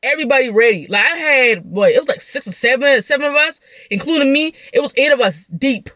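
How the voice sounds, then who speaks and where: A young woman venting through a story, talking in a profane, animated way. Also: sits high, fairly quick, dry recording. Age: young adult. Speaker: vlogger.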